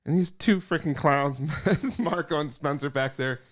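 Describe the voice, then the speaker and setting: A man's voice: a little high, normal speed. A man telling stories with laughs in casual podcast chat, acting out his friends' lines. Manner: laughing storyteller, mimics friends. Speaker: podcast co-host of another show.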